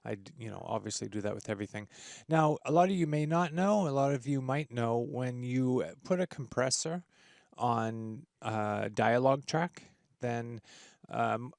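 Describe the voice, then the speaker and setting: Gravelly-voiced man explaining audio software. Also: medium pitch, no room sound, studio quality. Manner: casual, enthusiastic, lots of fillers and restarts. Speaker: audio tutorial host. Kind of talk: screen-recorded software tutorial. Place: home studio with treated room.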